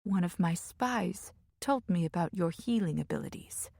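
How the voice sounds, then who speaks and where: A dry, commanding older noblewoman, as a woman reader puts her on, with a low throaty laugh and a soft lilt. She keeps her poise and wry edge even when speaking low. The recording is close and dead. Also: moderate pace, vocal fry, no echo. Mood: hushed.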